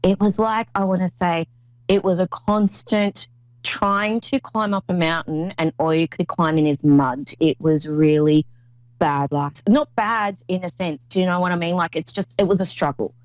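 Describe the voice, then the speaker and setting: A woman's voice: lowish voice, fairly even intonation, normal speed, no room sound, dull audio. A woman hosting a call-in psychic reading show, talking in an effusive, rambling way with many restarts. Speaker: psychic medium host.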